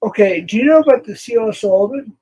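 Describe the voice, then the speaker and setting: A man hosting a livestream, ranting and swearing with loud outbursts that drop to near mutters. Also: high-pitched, animated, fast, slightly rough, low-quality recording. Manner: swearing, shouting in bursts, then dropping quiet. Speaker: livestream host. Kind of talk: angry livestream rant.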